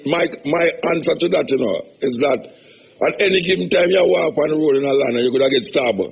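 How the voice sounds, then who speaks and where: Gravelly Jamaican man on radio. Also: a little high, fast, lo-fi sound. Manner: animated, laughing often, speaks in Jamaican patois. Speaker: radio host. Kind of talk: casual radio talk.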